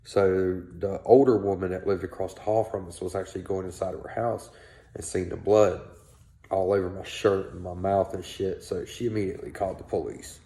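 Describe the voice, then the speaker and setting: A man's voice: low-pitched, steady tone, brisk, mellow, roomy sound. A man telling his own life story bluntly, with plenty of profanity. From South Carolina, US. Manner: candid, blunt, laced with profanity. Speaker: storyteller, show host. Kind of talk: personal storytelling.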